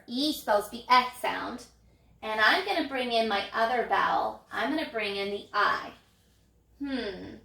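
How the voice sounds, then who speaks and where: A woman teaching an elementary phonics lesson, sounding out letters in a slow, encouraging, sing-song way. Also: on the high side, fairly bright tone, reverberant. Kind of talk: recorded phonics lesson for young children.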